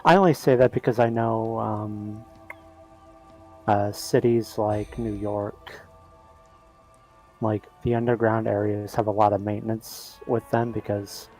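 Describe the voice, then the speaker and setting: A man's voice: fairly low pitch, little pitch movement, unhurried, a little mellow, faint music behind, rough recording. A man co-streaming a game, chatting casually and explaining things step by step.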